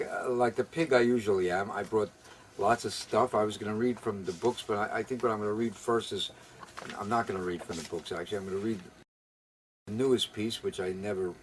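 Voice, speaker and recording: A man reading his own poem aloud during a casual home interview, with quick, rambling, self-deprecating asides. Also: fairly low pitch, steady tone, slight background noise, poor audio. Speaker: poet.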